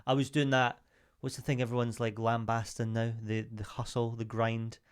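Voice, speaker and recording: A man's voice: medium pitch, level tone, normal speed, smooth. A man in his thirties, co-hosting a podcast in casual chat, rambling through old stories and laughing often. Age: 30s. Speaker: podcast co-host.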